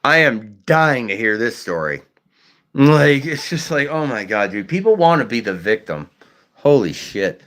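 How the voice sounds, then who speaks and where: A man talks straight to his livestream audience in a blunt, profane ranting style. He stutters and repeats words at times, and his voice sits at an ordinary middle pitch for a man. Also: big pitch swings, unhurried, fairly bright tone. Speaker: livestream host. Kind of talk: casual livestream chat.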